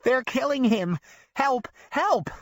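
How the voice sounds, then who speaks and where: A man's voice: extremely high pitch, lively intonation, slow pace, no echo, studio quality, pitched above the performer's own voice, exaggerated voice. A man voicing a fierce old grandmother screaming frantically in a crowded cinema.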